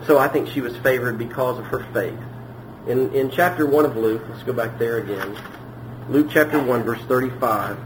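A man preaching in a church, talking through his sermon in a loose, conversational way with plenty of pauses and restarts. His voice sits at a middle pitch. A faint hiss of background noise runs under the recording. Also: rough recording. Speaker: pastor.

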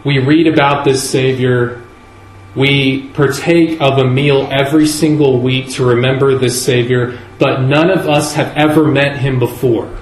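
A man preaching a sermon in a church, earnest and measured, leaning on key words with slow emphasis. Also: medium pitch, steady tone. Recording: echoey room with faint ambience.

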